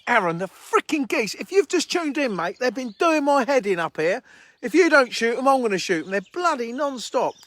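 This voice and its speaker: A man's voice: extremely high pitch, big pitch swings, normal speed, a bit bright. A man hosting a casual outdoor livestream by a fishing lake, rambling bluntly and chatting with viewers. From England. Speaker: livestream host. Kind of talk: casual livestream chat reading viewer comments.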